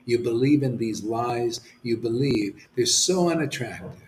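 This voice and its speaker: A man preaching an impassioned sermon as a spiritual teacher, swinging from shouts to hushed near-whispers and dropping casual slang. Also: mid-range voice, expressive, unhurried, a little hiss or hum. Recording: roomy echoey room.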